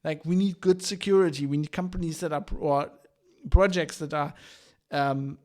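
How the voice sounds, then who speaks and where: Podcast host, male, higher-pitched voice, swearing, exasperated tech rant full of restarts. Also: steady tone, moderate pace, darkish tone. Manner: profane, exasperated, many restarts and "like" fillers. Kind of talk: ranting podcast monologue.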